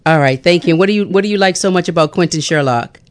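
A woman's voice: on the low side, quick pace. A middle-aged woman hosting a chatty radio show, laughing often between prayers and callers. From Bermuda. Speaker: radio host. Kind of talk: casual radio chat and prayer.

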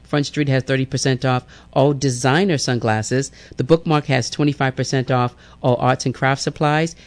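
Man, radio host, announcements and devotional, repetitive, lively. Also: mid-range voice, normal speed. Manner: lively preaching, repeats phrases, addresses listeners as family.

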